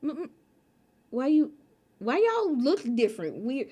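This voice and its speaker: A woman streams a game from her home and chats casually with her viewers. Her voice is high and jumps all over the place, and her talk is slangy and animated. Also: measured pace. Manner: animated, slangy, bursts into laughter.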